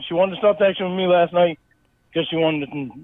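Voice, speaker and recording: An irate man rants and curses on a phone call, restarting his sentences as his anger runs ahead of him. His voice sits a touch high for a man and comes through a thin, phone-band line with a dry, close sound. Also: a little fast, dry recording. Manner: angry, profane, stammering restarts. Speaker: caller in a recorded phone call. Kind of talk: heated phone conversation. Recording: tinny phone line recording.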